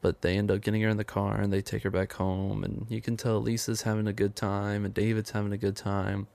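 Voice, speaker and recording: A man's voice: lowish voice, little pitch movement, a little fast, vocal fry, a little mellow. A man casually retelling a film's plot in a rambling way, quoting the characters as he goes. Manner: rambling storytelling, quotes characters with "he's like". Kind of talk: casual film plot recap.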